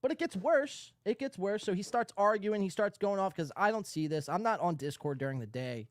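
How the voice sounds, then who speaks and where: A man's voice: sits high, animated, brisk, no echo, clean studio sound. A man hosting a podcast, ranting in a sarcastic, profane, rambling way. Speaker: podcast host. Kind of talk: ranting commentary.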